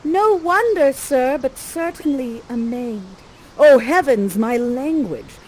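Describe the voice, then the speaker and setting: Wide-eyed and breathless, this is a woman doing the voice of an innocent young maiden meeting her first love, reciting old verse with awe. The voice rides noticeably higher and sweeter than an ordinary speaking voice, and each line sounds like a marvel to her. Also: lively intonation, slow, a little mellow, slight background noise, poor audio. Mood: eager. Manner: wondering, breathless. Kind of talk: Shakespearean verse reading.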